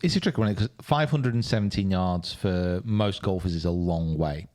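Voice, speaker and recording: A man's voice: low voice, normal speed, a little mellow. A man co-hosting a casual golf podcast who jokes around and laughs at himself. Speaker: podcast co-host. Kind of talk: casual chat.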